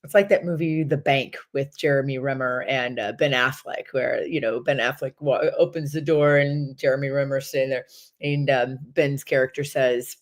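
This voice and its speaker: A woman's voice: rumbling low, fairly even intonation, moderate pace. A woman talking casually on her daily livestream, rambling with lots of fillers and sounding enthusiastic. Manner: chatty and rambling, with many fillers; enthusiastic and upbeat. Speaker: horse rescue trainer and vlogger.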